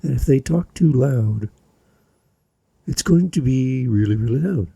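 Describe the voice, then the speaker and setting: Lively, gravelly man ranting about mic habits. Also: mid-range voice, a little slow, no echo, clean studio sound. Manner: energetic, exasperated, lively teaching. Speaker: podcast host. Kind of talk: podcast advice monologue. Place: home basement. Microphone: studio mic, a bit back from it.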